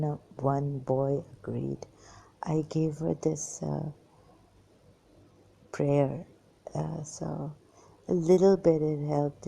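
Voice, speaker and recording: A worn-out woman talks into the phone she holds, her very deep voice rough with fry and dark in tone. She speaks slowly and haltingly, often fading into a whisper. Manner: halting, hesitant, drifting into whispers. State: exhausted. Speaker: vlogger. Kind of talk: personal monologue to camera. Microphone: phone held in hand.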